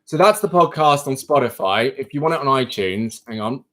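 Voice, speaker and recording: A man's voice: mid-range voice, lively intonation, normal speed, fairly bright tone, a little hiss or hum. A man who coaches people, hosting a live stream and frankly ranting straight to his viewers in casual chat.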